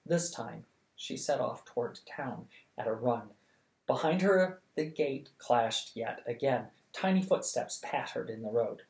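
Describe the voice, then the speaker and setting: A reader narrating a novel for bedtime at a steady, lively pace. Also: medium pitch, unhurried, creaky. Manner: steady, lively, acts out the dialogue. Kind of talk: audiobook reading of a novel. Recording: echoey room.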